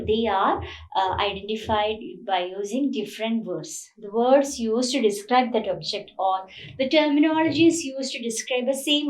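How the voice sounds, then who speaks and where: A woman's voice: fairly high pitch, distant mic. A woman with an Indian English accent, a college lecturer explaining with many repeats and fillers. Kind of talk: classroom lecture. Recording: echoey room, voice away from the mic.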